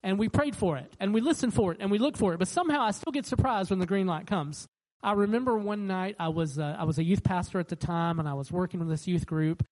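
This pastor talks fast in a mid-range voice, and the recording is low quality. His sermon is animated and conversational, full of restarts, as he performs the voices of the people in his stories.

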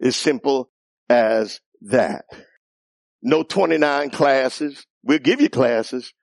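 A man preaching a sermon in a church, calling out questions to the congregation, teasing with laughs and rising to shouts. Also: medium pitch, slow pace, gravelly, dry recording, clean studio sound. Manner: playful teasing asides with laughter.

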